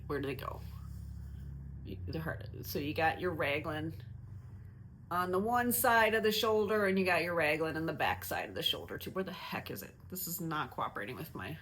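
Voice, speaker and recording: Woman host, low-ish voice, casual self-mocking chatter with frequent restarts. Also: fairly bright tone, slight background noise. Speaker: knitting podcast host. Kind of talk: casual chat.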